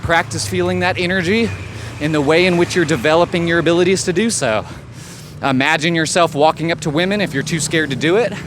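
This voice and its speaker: A man giving a blunt, profane motivational monologue as a life coach. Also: on the high side. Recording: faint street noise behind.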